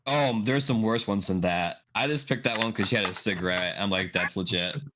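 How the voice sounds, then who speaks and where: A man's voice: fairly low pitch, brisk, very noisy. A man running a tabletop game as game master, loose and chatty, laughing often.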